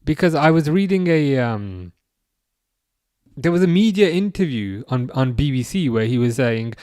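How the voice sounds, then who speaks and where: A man's voice: medium pitch, expressive, normal speed, mellow, dry recording, clean studio sound. A man hosting a football watch-along live stream, chatting loosely and answering viewer comments as he goes. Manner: loose and rambling, with frequent restarts. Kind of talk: casual live-stream chat.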